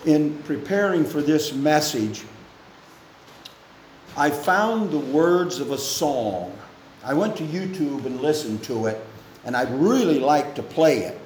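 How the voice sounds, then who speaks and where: A man preaching a sermon to his congregation in a church, earnest and measured, with pauses between phrases. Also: on the high side, a little mellow. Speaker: pastor. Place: church sanctuary. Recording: echoey church room, faint ambience.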